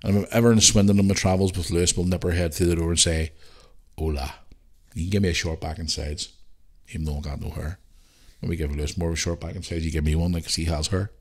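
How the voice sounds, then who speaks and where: A man's voice: sits low, steady tone, fast. A man hosting a podcast, chatting casually and bluntly while reading out listener messages. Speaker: podcast host.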